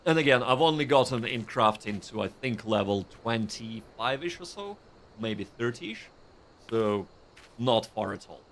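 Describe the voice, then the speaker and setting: A man's voice: mid-range voice, expressive, a little slow, fairly bright tone, a little hiss or hum. A man giving casual, chatty commentary on his own gameplay, self-deprecating and prone to restarts. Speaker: streamer.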